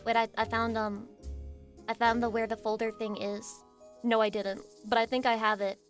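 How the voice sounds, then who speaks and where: A young adult woman, a VTuber streamer, chatting casually with her chat in an excitable, crude, self-mocking way. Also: a little high, moderate pace, faint music behind.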